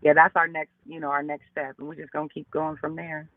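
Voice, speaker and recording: A man's voice: a little high, level tone, a little fast, no room sound, phone-quality sound. A man guesting as a comedy promoter on an online radio talk show, chatting casually, laughing easily and restarting his phrases. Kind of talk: casual interview chat.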